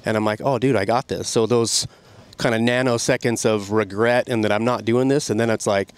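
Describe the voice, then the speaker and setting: A middle-aged man, a podcast guest, telling an animated story about riding. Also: fairly low pitch, brisk, smooth, no echo. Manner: animated, excited storytelling with laughs. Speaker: podcast guest, snowmobile rider. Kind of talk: casual storytelling.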